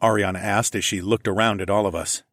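A man's voice: on the low side, steady tone, fast, fairly bright tone, no echo, studio quality. A man narrating a fantasy story in first person, reading steadily. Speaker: audiobook narrator.

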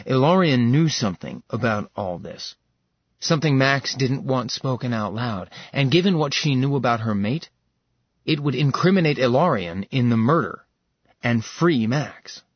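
Male audiobook narrator, husky. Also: medium pitch, no room sound. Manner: measured storytelling. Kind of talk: scripted narration. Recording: dull slightly lo-fi dry recording.

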